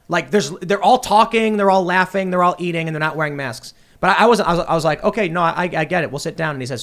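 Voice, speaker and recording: A man's voice: fairly high pitch, fast. A man co-hosting a political podcast in a studio, telling a story in a heated rant and acting out the back-and-forth. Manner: animated, ranting storyteller who acts out exchanges. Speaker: co-host. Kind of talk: heated political panel talk.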